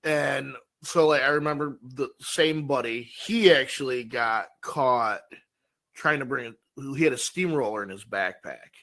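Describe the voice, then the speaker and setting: Male podcast co-host, chatty storyteller, bright-toned voice at average pitch. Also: measured pace. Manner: rambling storyteller, lots of fillers. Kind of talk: casual chat.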